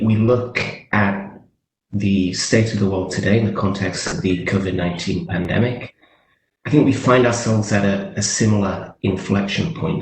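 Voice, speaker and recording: Low-voiced man giving measured panel remarks. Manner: measured, explanatory. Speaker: panel speaker. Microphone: video call. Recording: roomy echo, faint background noise.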